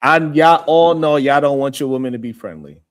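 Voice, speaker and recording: A man's voice: medium pitch, normal speed, slight background noise. A man in a heated casual debate who insists on being heard and acts out friendly greetings. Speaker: panelist.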